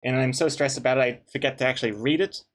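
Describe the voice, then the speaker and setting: A man's voice: medium pitch, quick pace. A man, a webcomic artist, chatting casually on a live stream, reading chat aloud with dry, joking banter and rambling restarts.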